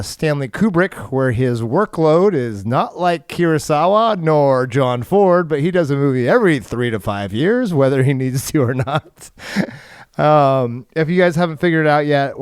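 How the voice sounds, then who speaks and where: A man's voice: mid-range voice, clear, resonant tone, dry recording, clean studio sound. A man co-hosting a film podcast, rambling casually with lots of fillers and chuckles. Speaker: podcast co-host. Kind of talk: casual chat.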